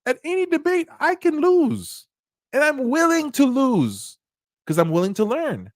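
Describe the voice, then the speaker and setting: A man with a notably high voice riffs through casual commentary, animated and profane, breaking into laughter. His voice sits close and dry on the mic, with no room around it. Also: unhurried, no room sound. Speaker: commentary channel host.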